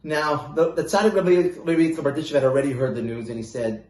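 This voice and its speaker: A man's voice: on the high side, fast talker, hardly any pauses, reverberant. Man casually telling a Hasidic tale. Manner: casual, with fillers, bursts of loud animation. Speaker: storyteller. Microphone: phone voice message.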